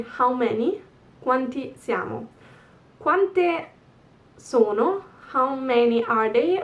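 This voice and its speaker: A woman teaching a language lesson, repeating each example slowly and carefully. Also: on the high side, far from the mic, highs cut off. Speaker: Italian teacher.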